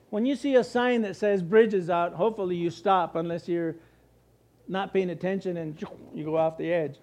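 A man's voice: high voice, normal speed. A middle-aged man from the United States preaching a sermon, posing questions and answering them himself, and acting out worried voices. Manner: animated, asks and answers his own questions, acts out worried voices. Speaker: pastor.

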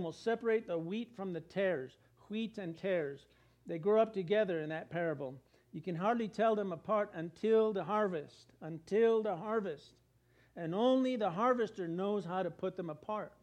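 A man with a notably high voice delivers a sermon in an easy, conversational manner. He keeps asking his listeners questions and puts on quick voices for the people he quotes. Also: a little mellow. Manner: conversational preaching, asks rhetorical questions and acts out quotes. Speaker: pastor.

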